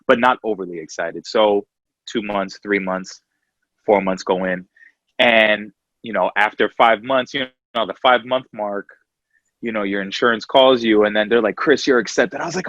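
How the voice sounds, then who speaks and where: A man's voice: on the low side, a bit bright, dry recording. Man talking, dry and slightly muffled. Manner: measured, reflective, uses comparisons. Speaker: podcast co-host. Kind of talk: reflective storytelling chat.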